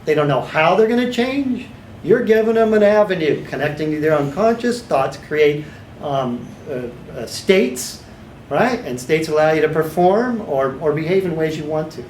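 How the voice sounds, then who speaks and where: A man teaching a small class of hypnotherapy students, sometimes slipping into a slow, authoritative guided-imagery voice. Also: fairly high pitch, lively intonation, a little mellow, a little hiss or hum. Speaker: hypnotherapy trainer. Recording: echoey room.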